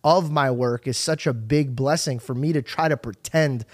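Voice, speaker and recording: A man hosting a podcast, talking in an excitable, rambling way and swearing often. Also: mid-range voice, normal speed, no echo, studio quality. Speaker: podcast host. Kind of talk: casual chat.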